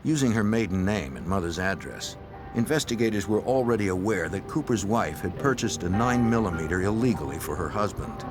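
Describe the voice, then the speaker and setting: A man giving measured, scripted narration for a true-crime documentary. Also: lowish voice, animated. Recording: loud music bed under voice-over.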